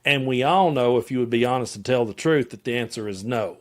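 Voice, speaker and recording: Speaking a little fast at a medium pitch, a man with a Tennessee Southern accent hosts his own channel as a political commentator. He delivers an impassioned, emphatic rant directly to his viewers, confronting both them and politicians head-on.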